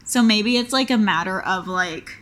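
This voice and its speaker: A woman playing a tabletop game, chatty and excitable, talking in loose, filler-heavy bursts. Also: medium pitch, normal speed. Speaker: player. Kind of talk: casual tabletop play.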